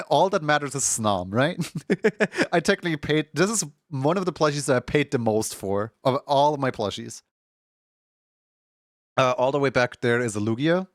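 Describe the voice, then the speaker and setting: A man's voice: medium pitch, dry recording, clean studio sound. A young man streaming at home in casual chat, rambling with lots of filler words and frequent laughs. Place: home room.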